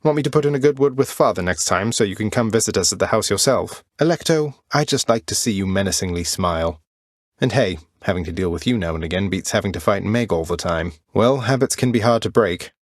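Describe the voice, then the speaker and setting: Wry young underworld prince, low-ish voice, dry booth recording, game voice lines. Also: male voice, animated, a little fast, no room sound. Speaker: video game protagonist.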